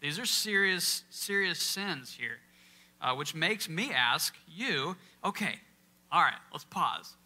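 Speaking slowly with lively intonation, this man's fairly high voice sounds pushed and bright. As a workshop speaker in a church, he delivers an interactive Bible lesson to a live crowd, putting questions to them and stressing important words conversationally.

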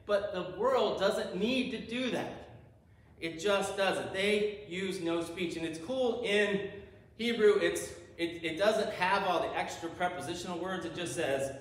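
A man's voice: sits high, a little slow, fairly bright tone. A male pastor preaching a sermon, eagerly explaining Hebrew words and asking rhetorical questions. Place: church sanctuary. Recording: roomy, distant church sound.

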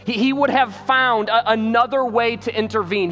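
A pastor, giving an animated sermon, acting out the characters in the story and often repeating words as he starts a phrase. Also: extremely high pitch, moderate pace, few pauses, faint music behind. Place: church auditorium. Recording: reverberant church hall.

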